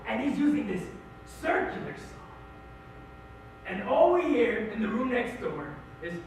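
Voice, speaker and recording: Teen boy acting as a middle-aged irish-american guy missing his tough dad, high voice that jumps around, echoey school hall from far off. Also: a little slow, slight background noise, exaggerated voice. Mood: wry. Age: teens. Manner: animated storytelling, wry and emotional. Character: middle-aged Irish-American man, grieving macho son. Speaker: high school forensics performer. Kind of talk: competitive dramatic monologue. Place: school auditorium stage. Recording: echoey hall, distant mic.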